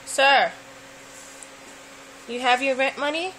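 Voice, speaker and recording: A woman's voice: high voice, takes it slowly, sharp tone, slight background noise, rough recording. A woman filming her dog with a handheld camera, teasing and playfully baby-talking to him. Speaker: pet owner vlogger. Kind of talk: casual home video talking to a pet. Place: home and outdoors by the house.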